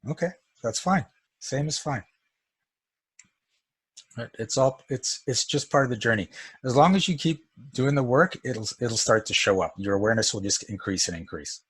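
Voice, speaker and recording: Husky man teaching energy work. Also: mid-range voice, lively intonation, moderate pace, a bit bright. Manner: casual, storytelling, chuckles often. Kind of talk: teaching session with a participant.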